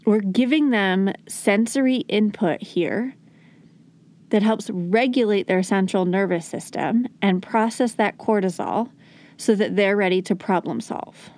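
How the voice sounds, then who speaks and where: A woman with a mid-range, darkish voice hosts a parenting podcast as a parenting educator. Her conversational teaching is earnest and coaching, and now and then she acts out soothing words to a child.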